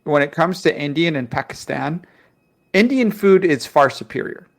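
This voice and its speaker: A man's voice: a little high, expressive, normal speed, creaky. Ranting, profane male podcast co-host. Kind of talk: casual podcast chat.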